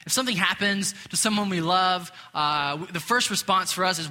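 A man delivers a conversational sermon in a high, piercingly bright voice, chatting with the congregation and poking fun at himself. His words ring out with a long reverb, as in a large hall. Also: brisk. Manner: casual, chatty, self-deprecating asides. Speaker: pastor.

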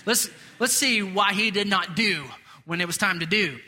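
A curt, demanding woman, fed up and straight to the point, played by a man preaching. Her voice rises high and bright, and it echoes with a long reverb in a big hall. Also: moderate pace, exaggerated voice. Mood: exasperated. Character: blunt, exasperated grown woman.

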